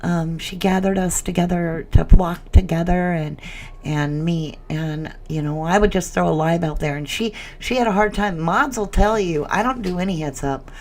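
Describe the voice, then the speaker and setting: Gravelly-voiced woman hosting a livestream. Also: on the low side, moderate pace, darkish tone. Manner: emotional, reading viewer comments aloud. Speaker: livestream host. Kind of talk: casual livestream chat.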